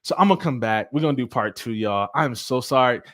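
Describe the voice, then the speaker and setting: A man's voice: medium pitch, animated, a little fast. A middle-aged man hosting a motivational talk, speaking with energy and preaching to his viewers. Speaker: host.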